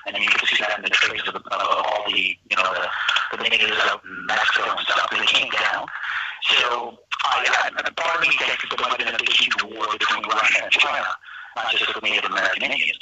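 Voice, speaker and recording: A man's voice: lowish voice, fairly even intonation, a little fast, recorded from a distance, highs cut off, very noisy. A man calling in to a radio talk show, chatting casually and rambling from one tangent to the next. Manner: rambling, jumping between tangents. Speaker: call-in guest.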